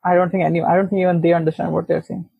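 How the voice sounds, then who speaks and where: A man with a gravelly, husky voice that stays flat and somewhat high, making blunt, wry remarks. The sound is thin and phone-like, with a dry feel. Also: rapid-fire, dry recording. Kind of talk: casual chat.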